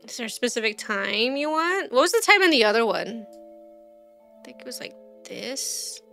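A woman's voice: fairly high pitch, very animated, normal speed, sharp tone, soft background music. A woman streamer giving casual let's-play commentary, chatty, thinking aloud and quizzing the game characters.

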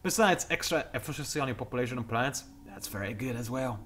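A young man hosting a strategy game tutorial, talking quickly through detailed explanations with dry, sarcastic asides. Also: mid-range voice, lively intonation, fairly bright tone. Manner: talks fast, self-admittedly. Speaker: gameplay tutorial host. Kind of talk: explanatory let's-play commentary.

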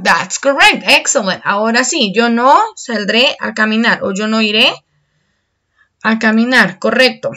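Woman teacher, a bit high voice, patient, repeats things in two languages. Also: pushed and bright. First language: Spanish. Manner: patient, explains slowly and repeats in Spanish. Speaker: English teacher. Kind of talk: bilingual online English lesson.

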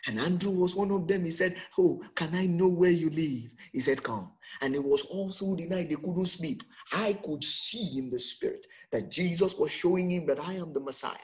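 A man delivering a sermon in a fairly high voice. He acts out the scripture dialogue, jumping from shouted cries to near whispers. He repeats words for emphasis. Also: moderate pace, hardly any pauses. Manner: dramatic, swings from loud to hushed, acts out quotes. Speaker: preacher.

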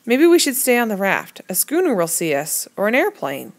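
A woman voicing an anxious young boy who asks quick, pleading questions. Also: mid-range voice, sing-song, voice pushed up.

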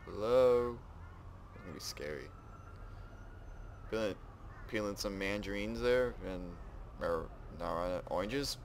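A man giving casual let's play commentary, excitably exclaiming and narrating what he does in the game. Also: sits low, measured pace, pauses often, slight background noise. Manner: excitable, exclaims and narrates his own actions. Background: game music.

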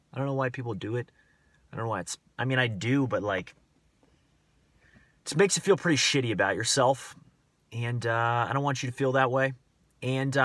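A man's voice: mid-range voice, fairly bright tone, no echo. A young man rambling bluntly to his viewers in a casual, profane rant, full of fillers and restarts. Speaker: vlogger.

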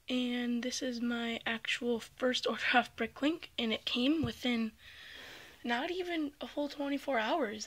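A woman chatting excitedly through an unboxing vlog, with lots of fillers like "um" and "like.". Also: a little high, no echo. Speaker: vlogger.

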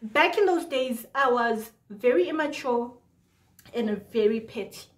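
A young woman from Zimbabwe talks straight to camera in a casual storytime, her voice pitched a little high. She acts out every side of a heated phone call. The room is echoey. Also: unhurried. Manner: animated, acts out both sides of a phone argument. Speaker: vlogger.

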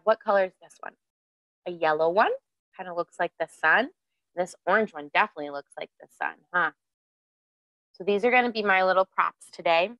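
A woman's voice: fairly low pitch, a bit bright, no echo. A woman leading a children's yoga class, cheerful and encouraging, asking the kids questions as she guides their breathing.

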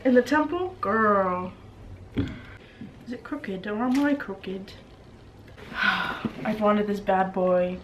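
A woman's voice: mid-range voice, drawn-out words, pauses often, background noise. A young woman vlogging casually at home, chatty and self-amused as she sets up and tests a new microphone. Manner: chatty, self-amused, talks to her mic setup. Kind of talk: casual vlog chat. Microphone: new condenser microphone.

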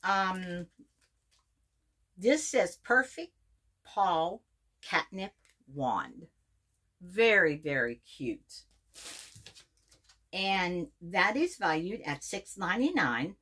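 Slow, low-voiced woman gushing over an unboxing. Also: big pitch swings, bright, forceful tone, husky. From Pennsylvania. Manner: gushing, repeats words, reads labels aloud. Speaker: unboxing reviewer. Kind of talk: casual unboxing video.

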